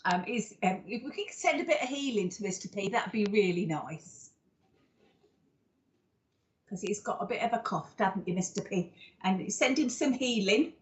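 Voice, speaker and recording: A woman hosts a live psychic show, talking through an oracle card reading. She rambles affectionately, calling people darling and sweetie, with plenty of ums and restarts, in a mid-pitched voice. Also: expressive, normal speed. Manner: warm, affectionate, rambling with many fillers. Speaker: psychic medium host.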